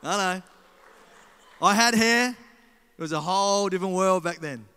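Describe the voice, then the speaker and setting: A man's voice: high voice, normal speed, sharp tone, clear, resonant tone. A man with an Australian accent preaching in a joking way, talking back and forth with the crowd. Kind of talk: sermon. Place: large hall. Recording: live hall with reverb.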